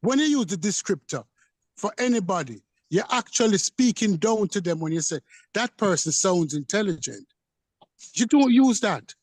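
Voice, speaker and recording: A man's voice: high-pitched, animated, normal speed, darkish tone, no room sound. A man co-hosting a podcast who argues his point in a heated casual debate, insistent and repeating himself. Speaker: podcast co-host.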